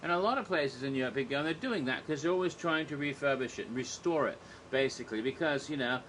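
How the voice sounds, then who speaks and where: A man's voice: mid-range voice, animated, quick pace, fairly bright tone, slight background noise. A man vlogging in a casual, rambling monologue, digressive, chuckling at his own jokes with many fillers.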